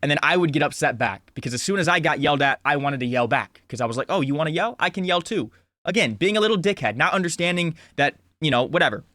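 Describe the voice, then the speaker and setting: Young man in his twenties, earnest motivational vlogger, a touch higher than most men, dry sound. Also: lively intonation, quick pace, few pauses, pushed and bright, no room sound. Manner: earnest, talks with lots of "like" and restarts. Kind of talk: casual motivational monologue.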